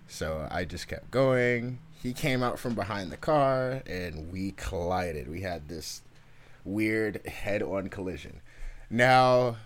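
A man telling a story in a casual podcast chat, laid-back, laughing often, with frequent fillers. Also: fairly low pitch.

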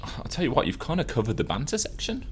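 A man's voice: medium pitch, huge pitch swings, quick pace, slightly rough. A man co-hosting a podcast from an office, chatting casually with jokey, teasing banter. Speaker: podcast co-host. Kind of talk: casual chat.

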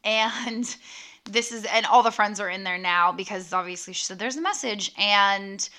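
A woman's voice: mid-range voice, little pitch movement, moderate pace, bright, forceful tone, clean tone. A young woman casually recapping a horror movie to her viewers, with lots of ums and likes and the odd swear word. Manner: talks straight to her viewers.

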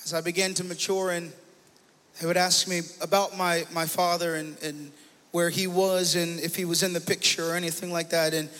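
A man's voice: fairly high pitch, level tone, normal speed, in a large hall. A male pastor preaching a sermon as a personal testimony, often repeating himself and rising in intensity. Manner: personal testimony, growing emotional and loud. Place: church sanctuary.

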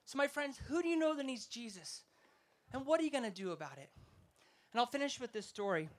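An evangelist preacher delivers an emphatic festival sermon in an extremely high, expressive male voice at a brisk pace. He tells stories and stirs up his listeners.

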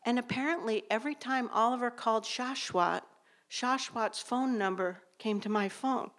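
A woman's voice: fairly high pitch, moderate pace, fairly bright tone. Woman, live stage storyteller, hesitant, lots of ums and likes, theater setting. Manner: hesitant, many fillers.

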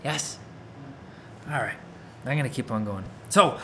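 A man's voice: mid-range voice, big pitch swings, a little slow, pauses often, background noise. A man preaching a sermon in a casual, conversational way, often checking that his listeners follow along. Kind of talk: interactive sermon.

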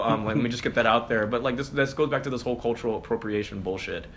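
A man's voice: medium pitch, expressive, fast, few pauses, a little hiss or hum. A man hosting a podcast in casual conversation, opinionated and reflective, with fillers.

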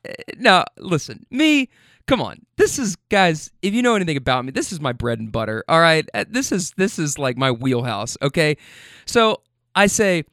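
A man in his twenties telling stories from his rideshare driving in a casual, animated way, swearing freely. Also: fairly high pitch, moderate pace, no room sound, studio quality. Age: 20s. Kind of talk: casual storytelling monologue.

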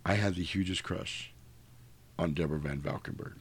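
A man's voice: sits low, moderate pace, slightly rough. A man in casual chat, retelling a film scene by scene and acting out its lines. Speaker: podcast co-host. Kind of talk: casual movie recap chat.

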